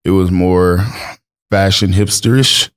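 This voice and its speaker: A man's voice: sits low, steady tone, slow pace, clean tone. A man guest on a podcast, telling laid-back stories in casual chat with heavy slang and swearing. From Los Angeles. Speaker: podcast guest, streetwear brand owner.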